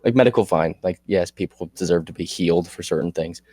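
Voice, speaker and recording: Low-voiced man with dry jokes. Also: a little fast, mellow, no room sound. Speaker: podcast co-host. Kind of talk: casual chat.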